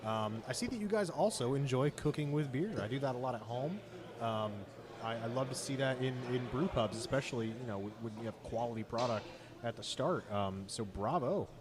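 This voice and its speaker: Man, host, middle pitch, upbeat, noisy bar crowd behind. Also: fairly quick. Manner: enthusiastic, reads descriptions smoothly. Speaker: podcast host. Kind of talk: hosting a beer tasting show.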